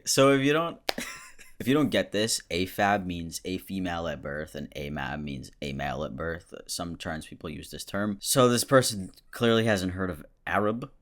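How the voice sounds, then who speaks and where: A man with a deep, low-pitched voice speaks close to the mic. He gives casual, mocking commentary and reacts to screenshots with dry sarcasm. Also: fairly bright tone.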